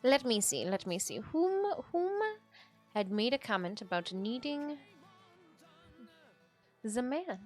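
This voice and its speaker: A woman's voice: medium pitch, lively intonation, a little slow, pauses often, darkish tone. A woman from Michigan streaming a game, chatting playfully with her viewers and reading out their names. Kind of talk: casual live-stream chat. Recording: faint game music behind.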